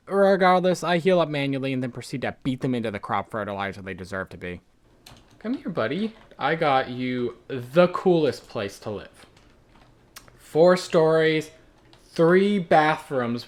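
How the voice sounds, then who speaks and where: A young man from Ireland narrating and commenting on his gameplay in a joking, self-deprecating way. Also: on the high side. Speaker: gaming video host.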